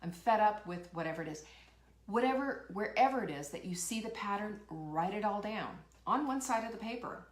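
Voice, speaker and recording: A woman with a mid-range, animated voice talks briskly in a reverberant space. Hosting a live motivational show, she's emphatic and pumped up, peppering the audience with rhetorical questions and laughing over viewer comments she reads aloud.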